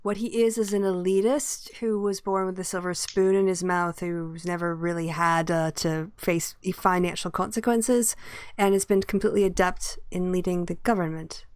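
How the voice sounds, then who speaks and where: A woman's voice: lowish voice, fairly even intonation, moderate pace, darkish tone, clear, resonant tone, dry recording, studio quality. A woman hosting a casual chat show, giving wry commentary and laughing often. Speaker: host.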